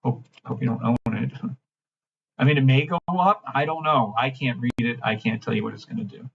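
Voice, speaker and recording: A man hosting a trading livestream, ranting in a brash, mocking, profane way and swinging between loud outbursts and low mumbling. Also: moderate pace, vocal fry, breathy edge, lo-fi sound. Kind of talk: live-stream rant and chart reading.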